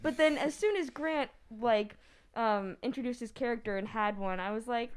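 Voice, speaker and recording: A woman's voice: a little high, lively intonation, moderate pace, clean tone. A woman chatting casually as a cast member, telling her story in a chatty, self-conscious way. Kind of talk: casual chat.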